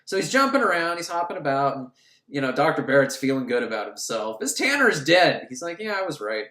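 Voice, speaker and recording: A man's voice: a little high, big pitch swings, a little fast, sharp tone. A man giving a sarcastic, rambling comedic recap of a movie plot. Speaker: host recapping a film. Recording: roomy echo.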